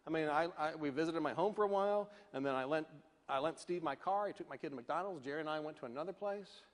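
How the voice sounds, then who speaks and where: A man from Northern Virginia giving a keynote speech, telling a story with animated delivery and acting out the voices of the people in it. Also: a little high, fast, in a large hall. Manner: animated, acts out the voices of people in his stories. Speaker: keynote speaker.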